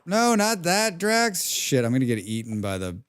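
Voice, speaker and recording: A young man commenting live on a survival game, excitable, talking to himself, humming and swearing between moves. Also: on the high side, moderate pace, clear, resonant tone. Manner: excitable, talks to himself, hums and mutters while playing; swears often. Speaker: streamer.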